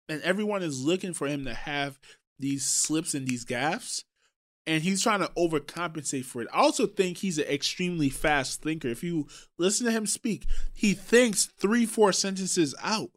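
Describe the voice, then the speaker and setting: A man from Trinidad co-hosting a casual podcast, talking in an animated way with swearing and quick asides. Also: sits high. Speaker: podcast co-host.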